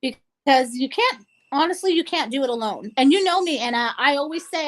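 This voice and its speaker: A woman's voice: high-pitched, animated, measured pace, pauses often, poor audio. A woman co-hosting a casual talk show, speaking earnestly and tearfully with many restarts. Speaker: co-host. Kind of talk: emotional casual chat.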